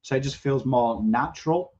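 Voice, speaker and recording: An English man with a coarse accent hosts a live football watchalong, reading viewer comments, chatting and reacting to play. He is chatty and excitable, swears, and bursts into shouts at the action. His medium-pitched voice runs at normal speed over dull, lo-fi stream audio.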